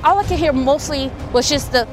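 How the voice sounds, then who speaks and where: Shaken high-voiced woman witness. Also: over loud music. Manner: shaken, slow, heartfelt. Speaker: eyewitness interviewee. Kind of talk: personal testimony.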